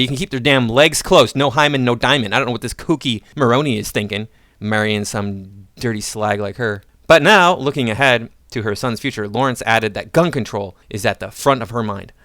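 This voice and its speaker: A man's voice: mid-range voice, brisk, fairly bright tone, no echo, studio quality. A man hosting a commentary channel, reading out an article and mocking it in a sarcastic, ranting way.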